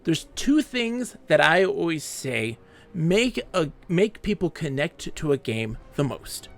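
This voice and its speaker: A man live-streaming a game, chatting casually with viewers and telling animated stories. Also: on the high side, slow pace, gravelly, soft background music. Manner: animated storytelling, acts out quoted players. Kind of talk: casual live-stream chat while gaming.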